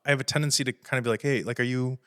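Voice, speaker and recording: Fast-talking jokey male podcast host. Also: mid-range voice, steady tone, fairly bright tone. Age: 30s. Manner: jokey, slangy, swears freely. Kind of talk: casual podcast chat.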